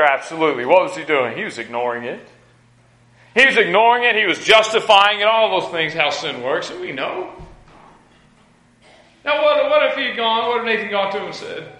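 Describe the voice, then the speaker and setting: Male preacher, sermon, emphatic, repetitive, stammering restarts, bright voice, echoey room. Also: high-pitched, expressive, moderate pace.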